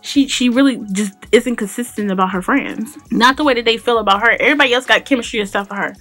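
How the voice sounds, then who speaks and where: A woman's voice: a little high, fast, fairly bright tone, faint music behind. A woman giving a casual, opinionated recap of a TV episode as a voice-over for her gaming video, chatty, full of fillers and restarts.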